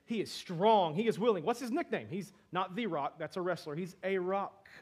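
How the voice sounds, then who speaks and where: High-voiced man preaching animatedly. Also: normal speed, husky. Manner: animated, acts out dialogue with laughs and asides. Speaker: pastor. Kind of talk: sermon.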